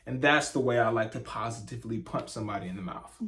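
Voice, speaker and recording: A young man chatting casually on a couple's vlog, telling a story with lively energy and acting out the voices of the people in it. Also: mid-range voice, fast. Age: young adult. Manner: animated storyteller, acts out voices in quotes. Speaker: vlogger, husband. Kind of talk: casual sit-down chat.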